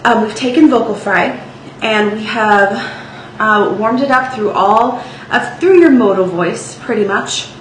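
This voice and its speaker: A woman's voice: medium pitch, a little slow. A woman teaching a singing lesson, speaking casually with sung demonstrations and frequent "okay?" check-ins. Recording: echoey room with faint ambient noise.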